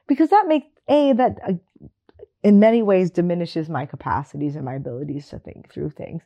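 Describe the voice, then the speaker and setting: Blunt lower-voiced woman, dull lo-fi recording. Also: fairly quick. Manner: blunt, emphatic, swears casually, laughs often. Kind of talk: candid conversational talk.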